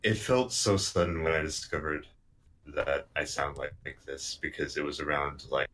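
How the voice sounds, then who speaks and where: A young man chatting casually as a stream guest. He talks haltingly, with fillers. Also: a bass voice, a bit bright, rough recording.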